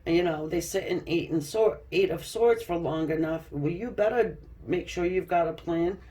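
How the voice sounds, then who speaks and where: A woman's voice: lowish voice, normal speed, warm tone. A woman giving a casual tarot card reading, chatty and loose, laughing often and restarting her sentences. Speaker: tarot reader.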